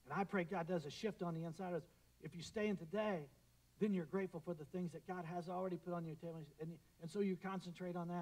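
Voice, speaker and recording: A middle-aged man preaching a sermon as pastor, swelling into loud declarations and dropping into quiet, prayerful asides. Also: high voice, steady tone, fast talker, rough recording.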